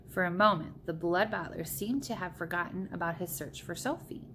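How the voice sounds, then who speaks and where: A woman's voice: lowish voice, moderate pace, hardly any pauses, fairly bright tone, slight background noise. Woman reading a storybook aloud. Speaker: reader.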